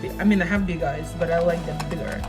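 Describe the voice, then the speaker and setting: A woman's voice: fairly low pitch, fairly even intonation, fast talker. Rambling young woman vlogger over music. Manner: chatty, rambling, self-mocking. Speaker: beauty vlogger. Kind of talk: casual storytelling while doing makeup.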